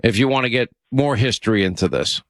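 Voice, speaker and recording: A man's voice: mid-range voice, animated, brisk, a bit bright, no room sound. A man hosting a talk radio show, chatty and opinionated, bantering with his co-host and taking calls.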